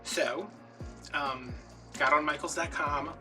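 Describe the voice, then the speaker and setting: A man chats casually while making a wreath, rambling through a story with plenty of ums and likes. He sits some distance from the mic, so he sounds slightly removed. Background music plays clearly behind his voice. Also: a little high, steady tone, takes it slowly, pushed and bright. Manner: rambling, chatty storytelling with many fillers. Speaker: DIY wreath-making host. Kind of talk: casual chatty vlog while crafting.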